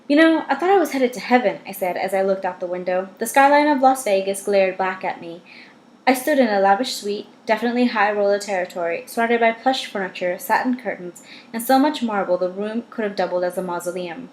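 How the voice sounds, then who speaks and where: A woman reading a first-person novel aloud, measured with dramatic pauses and wry asides. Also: mid-range voice. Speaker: audiobook reader. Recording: roomy echo.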